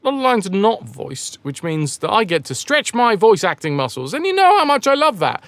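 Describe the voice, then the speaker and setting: Lively, jokey streamer man. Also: sits high, brisk, no echo. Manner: jokey, rambling, reads and answers chat. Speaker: game streamer. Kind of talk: casual live-stream chat with viewers.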